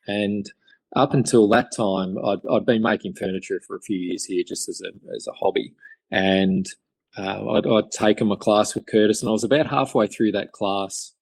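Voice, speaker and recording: A man's voice: lowish voice, a little mellow, no echo. A middle-aged Australian man telling stories in a podcast interview, rambling with many fillers and restarts. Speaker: guest chairmaker.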